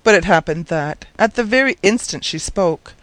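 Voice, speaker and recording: A man narrating a storybook in a measured, wry manner, his voice sitting slightly higher than most men's. The recording is dry and close, with no room sound. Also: animated, a bit bright, dry recording. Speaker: audiobook narrator. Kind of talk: scripted narration.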